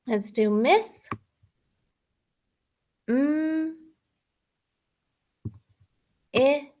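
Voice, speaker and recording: Woman teacher, kids' phonics video, slow patient delivery, slightly high voice. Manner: slow, patient, thinking aloud while writing. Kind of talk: recorded phonics lesson for children.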